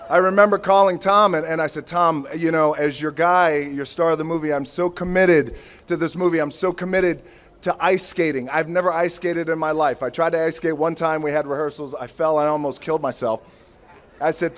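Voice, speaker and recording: A man's voice: a little high, fairly even intonation, normal speed. A man in his forties giving an unscripted acceptance speech at an outdoor ceremony, thanking people and adding playful, self-mocking asides. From United States. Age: 40s.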